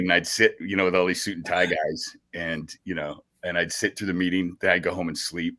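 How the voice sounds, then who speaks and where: A middle-aged man, a radio host, telling stories in a casual podcast chat, animated and laughing often as he acts out other people's lines. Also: deep voice, fairly quick, hardly any pauses. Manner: animated storyteller, bursts of laughter, acts out quoted voices.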